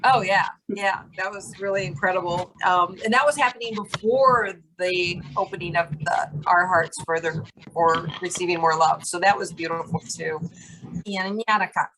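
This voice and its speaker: A woman's voice: fairly low pitch, normal speed, a bit bright, slight background noise. A bubbly, chatty woman in a channeling group, talking casually and speaking flowing light language on a video call.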